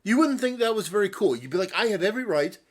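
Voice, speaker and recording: A man's voice: sits high, expressive, fast. A man giving direct-address commentary, earnest and lecturing as he speaks straight to the person he is answering. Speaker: online commentator.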